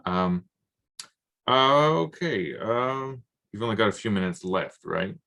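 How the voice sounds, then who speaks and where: A man from Canada with a Southern Ontario accent, hosting a casual interview and talking in halting, restarting phrases. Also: fairly low pitch, lively intonation, gravelly, bright, forceful tone. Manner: halting, many restarts and fillers. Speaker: podcast host.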